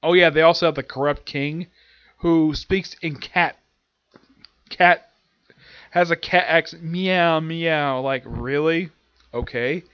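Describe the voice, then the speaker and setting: A man's voice: fairly high pitch, a little slow, long pauses, no echo. A man casually recapping anime episodes in a rambling way, with lots of fillers and restarts. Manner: rambling, filler-heavy retelling. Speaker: anime reviewer. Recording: dull lo-fi dry sound.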